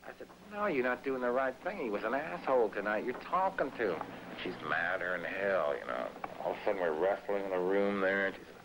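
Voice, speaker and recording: A man's voice: on the low side, lively intonation, fairly quick, background noise. A man telling a rambling, profane story in slangy talk, acting out the voices of the people in it. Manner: gruff, slangy, acts out quoted voices. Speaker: writer being filmed at home.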